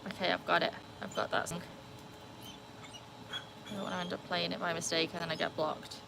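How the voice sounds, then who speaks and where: A woman's voice: lowish voice, little pitch movement, a little fast, creaky. Chatty British woman on a noisy livestream. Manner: chatty and rambling, full of "like" and "um". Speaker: live streamer, dog owner. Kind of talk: casual live-stream chat, reading and answering the chat. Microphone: phone.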